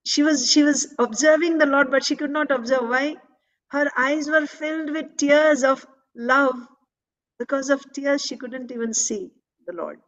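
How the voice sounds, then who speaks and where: A woman's voice: a little high, dull audio. A woman reading and explaining a devotional scripture in a class. She repeats phrases and often checks in with "right?".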